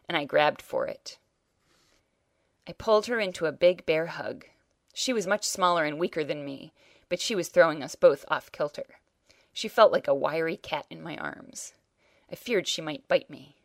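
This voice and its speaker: Wry woman reader of literary fiction, low voice, close and dry. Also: no room sound. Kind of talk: first-person short story reading.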